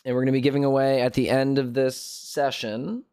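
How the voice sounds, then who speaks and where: A man's voice: mid-range voice, little pitch movement, a little fast, mellow, clean tone, dry recording, studio quality. Playful man hosting a live stream. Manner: playful, chatty. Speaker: streamer host. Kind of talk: casual live stream chat.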